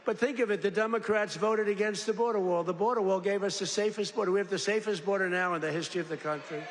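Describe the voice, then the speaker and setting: An older American man gives an off-the-cuff rally speech to workers inside a large factory hall, speaking quickly in a fairly high voice. He rambles from point to point, boasting, joking, slipping in asides, and breaking into mock voices. His podium microphone rings out with a long echo over a faint background hum.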